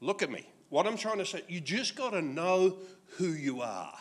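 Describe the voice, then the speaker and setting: An Australian pastor in his sixties delivering a sermon full of jokes and acted-out asides. His voice runs higher than most men's and swoops widely from line to line, keeping the telling lively. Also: normal speed. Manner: jokey, animated storytelling with acted asides.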